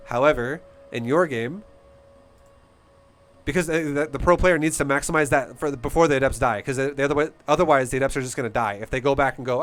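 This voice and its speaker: A man's voice: medium pitch, fast, fairly bright tone. A man coaching a player through a game replay in a casual, blunt, profane and passionate way. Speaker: StarCraft coach.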